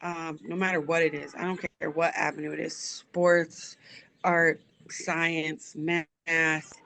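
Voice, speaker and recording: Bright, earnest woman coach. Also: sits low, level tone, takes it slowly, gravelly. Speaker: guest coach. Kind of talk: heartfelt interview answers.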